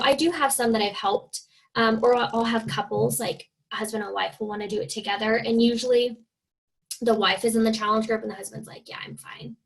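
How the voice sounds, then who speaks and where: A woman's voice: on the high side, gravelly, a bit bright, low-quality recording. A young woman from Oregon, speaking as a guest on a team video call, chatty and full of fillers, often acting out the people she quotes. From Oregon, USA. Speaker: guest speaker, fitness coach. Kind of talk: casual team call talk.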